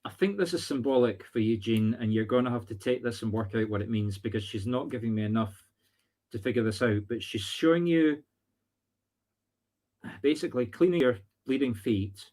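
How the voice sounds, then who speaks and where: A man's voice: mid-range voice, expressive, normal speed, pauses often, a little mellow. A man with a Scottish accent giving live-streamed psychic readings, chatty and thinking aloud with teasing asides. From Scotland. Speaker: spiritual medium.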